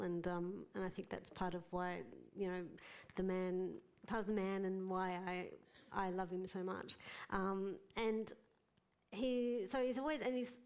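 A woman's voice: medium pitch, darkish tone, clean tone. A woman, a filmmaker chatting eagerly and rambling a little on a live panel. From Australia. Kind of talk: panel discussion. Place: live gallery panel event.

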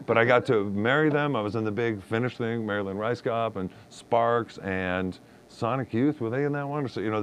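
A middle-aged man, an actor guest, telling showbiz stories in a casual, joking, self-deprecating way. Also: fairly low pitch. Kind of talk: casual podcast chat, storytelling.

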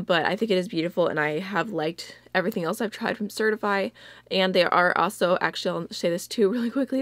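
A young beauty vlogger chats casually in a lowish voice, recorded dry. She's talkative and full of fillers like "like" and "really, really."

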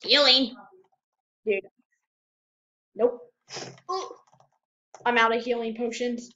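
Excitable high-voiced woman gamer, lo-fi. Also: slow. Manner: excitable, exclaims and repeats herself. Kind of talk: casual gameplay commentary. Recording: dull lo-fi home mic.

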